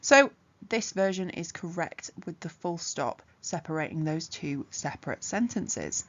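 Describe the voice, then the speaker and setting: A woman teaching an exam revision lesson, explaining punctuation rules clearly and methodically with examples. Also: sits low, animated, measured pace, highs cut off. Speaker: English tutor.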